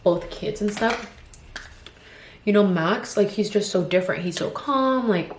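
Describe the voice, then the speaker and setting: Unhurried, at medium pitch, a twenties vlogger with two toddlers vents frankly in a get-ready-with-me chat. She rambles with plenty of "like" and "you know," and the audio carries a little hiss or hum, roomy echo and faint ambience.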